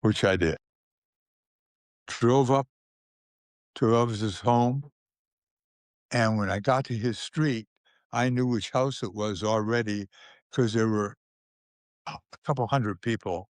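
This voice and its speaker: An older man, a guest in an interview, telling anecdotes in an unhurried way, with restarts and small chuckles. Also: lowish voice, dry recording.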